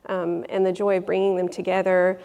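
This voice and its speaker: A woman with a gravelly, creaky voice speaks as a panelist, musing thoughtfully with plenty of fillers. Her words carry a long reverb in a large hall. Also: lowish voice, monotone, a little fast, a little mellow. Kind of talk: panel discussion.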